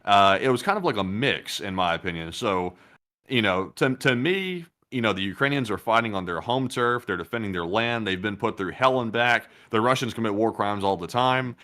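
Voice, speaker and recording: Male co-host, lowish voice, careful and halting, reads out passages and weighs both sides. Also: lively intonation, sharp tone. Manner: hesitant, many "uh" fillers, measured. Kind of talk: casual news commentary.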